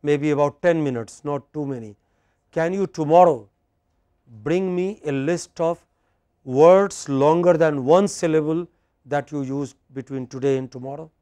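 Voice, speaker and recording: A man's voice: a little high, unhurried, warm tone, no room sound. A man lecturing a class as a teacher, drilling pronunciation and checking in with questions.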